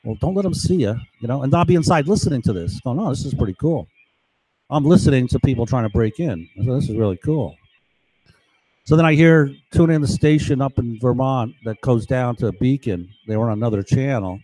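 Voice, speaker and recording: A man's voice: mid-range voice, brisk, mellow, no echo. Middle-aged man rambling, dry close sound. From New York, United States. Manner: meandering, keeps asking "right?" and "you know?"; acts out overheard voices in his story. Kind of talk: rambling monologue to camera.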